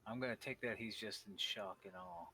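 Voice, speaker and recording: A man playing in a tabletop game, speaking deliberately as he describes his character's actions. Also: fairly low pitch, pushed and bright, breathy edge, soft background music. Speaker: player.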